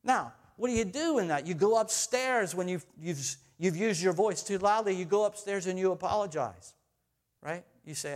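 Preaching in a high-sitting voice with lively intonation, a middle-aged pastor moves at a moderate pace through family stories told like conversation. His sermon climbs to loud exhortation and eases back into gentle, tender asides.

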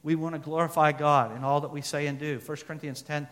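Higher-voiced man preaching in a reverberant hall. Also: fairly even intonation, fast. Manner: asks the listeners questions, reads scripture aloud, loudness rises and falls. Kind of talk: sermon.

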